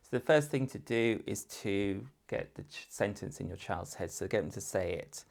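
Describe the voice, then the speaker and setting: Low gravelly male teacher. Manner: slow, patient, demonstrates sentences and sounds in different voices. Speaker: primary school teacher. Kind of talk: instructional talk to parents.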